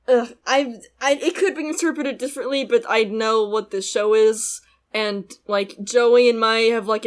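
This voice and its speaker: A young woman co-hosting a casual podcast chat, talking quickly with frequent laughs and a sarcastic edge. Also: a little high. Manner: chatty, laughs often, sarcastic. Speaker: podcast co-host. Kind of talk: casual chat reviewing an anime.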